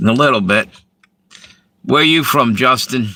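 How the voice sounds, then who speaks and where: A man from Delaware talks loosely to viewers on a live stream from inside his parked car. His voice is bright and forward, and it sounds dry and close. He drifts between topics and pauses to read out comments. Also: mid-range voice, no echo. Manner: relaxed, rambling, reads out viewer comments. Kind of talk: casual live stream chat.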